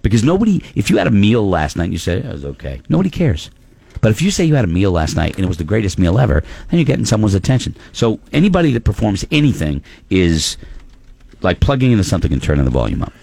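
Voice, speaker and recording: A man hosting a radio show, chatting casually with his co-hosts in a lively, animated way. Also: lowish voice, quick pace, gravelly, breathy edge, no room sound. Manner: lively, animated, slips into playful accents.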